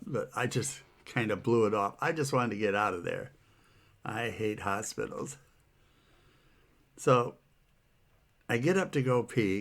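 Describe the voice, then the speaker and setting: A man's voice: fairly low pitch, creaky, fairly bright tone. A man casually telling a personal story about his health troubles, laughing often and sounding rueful and incredulous.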